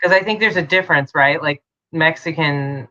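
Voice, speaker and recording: A woman's voice: sits low, brisk, pushed and bright, dull audio. A woman with a Midwestern American accent co-hosting a casual podcast, giggly and laughing often. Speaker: podcast co-host. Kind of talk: casual chat.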